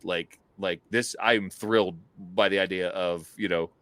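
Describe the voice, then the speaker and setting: A man co-hosting a podcast, telling a travel story in a casual, animated way, full of fillers and laughs. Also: low-pitched, normal speed, no echo. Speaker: podcast co-host.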